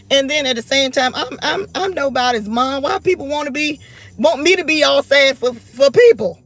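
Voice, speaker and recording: A woman's voice: high-pitched, moderate pace, a bit bright. A woman in her forties talking straight to camera in an unscripted rant, blunt, defiant and emphatic. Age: 40s. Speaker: vlogger.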